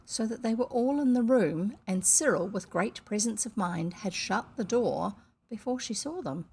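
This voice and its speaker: A woman from New Zealand reads a children's novel aloud, her voice mid-pitched with a husky, gravelly grain. Now and then she drops out of the story for casual asides about the pictures on the page. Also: animated, moderate pace, darkish tone. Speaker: storybook reader.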